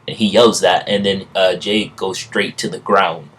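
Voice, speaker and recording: A man retelling a fan story in a halting, rambling way, full of restarts. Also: low voice, steady tone, fairly bright tone, slightly rough.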